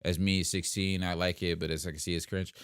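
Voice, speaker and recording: Hosting a relaxed livestream, a young South Jersey man reads viewer comments and answers them casually in his local accent. He speaks fairly quickly in a deep, fairly bright, clean voice with little pitch movement, recorded at studio quality with no room sound.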